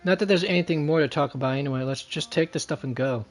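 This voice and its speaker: A man's voice: on the high side, fast, soft background music. A young man streaming a game, reading its dialogue aloud, stumbling and restarting mid-line.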